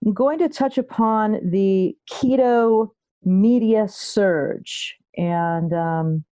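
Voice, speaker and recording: A middle-aged woman hosting a podcast episode as a health coach, speaking in an unhurried, deliberate way. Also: mid-range voice, warm tone, no echo. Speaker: guest host, health psychology coach. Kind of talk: podcast monologue.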